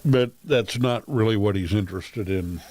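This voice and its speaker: A man's voice: on the low side, moderate pace, a little mellow. A man talking casually on his livestream, rambling with frequent ums and wry laughs. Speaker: streamer.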